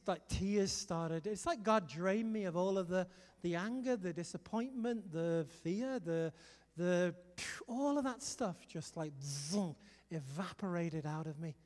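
Brief: middle-aged male preacher, high voice, lively storytelling, big reverberant hall. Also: measured pace. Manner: animated storytelling, rallying the crowd. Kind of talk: sermon.

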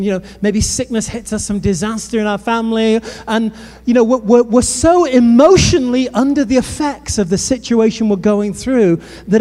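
High-voiced British preacher in a reverberant hall. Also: male voice. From Britain. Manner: lively storytelling with humor and asides to the crowd. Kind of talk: sermon. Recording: long reverb of a large hall.

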